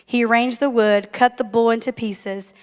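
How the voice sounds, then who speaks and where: Woman preacher, a bit high, lively storyteller with asides, long church reverb. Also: moderate pace, clean tone. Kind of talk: sermon. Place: church sanctuary.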